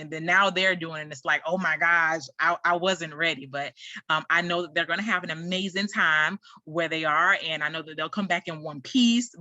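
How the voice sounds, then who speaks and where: A woman's voice: fairly low pitch, no room sound, lo-fi sound. A woman hosting her own podcast, talking casually and rambling through a story with lots of fillers. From United States. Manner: chatty, rambling, animated retelling with frequent fillers. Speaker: podcast host. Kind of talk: casual solo podcast chat.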